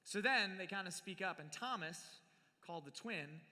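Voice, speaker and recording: A man's voice: high-pitched, lively intonation, moderate pace, bright, forceful tone. A man giving a live sermon on scripture, playful and acting out the people in the story, recorded in a large hall. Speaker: youth speaker. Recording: live hall with long reverb.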